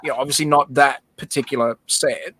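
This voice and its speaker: A man chatting casually on a livestream, his voice set in an ordinary middle pitch. He tells a heartfelt family story and stumbles over repeated words as he goes. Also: steady tone, normal speed, a bit bright, husky, no room sound. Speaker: livestream host. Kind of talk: casual chat.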